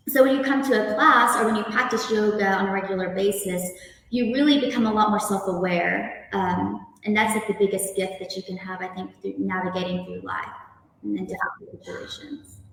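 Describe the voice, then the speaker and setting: A woman yoga instructor speaking calmly, gently guiding breathing and stretches. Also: medium pitch, normal speed, very echoey, big-room sound, far from the mic, low-quality recording. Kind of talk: guest interview then guided yoga instruction.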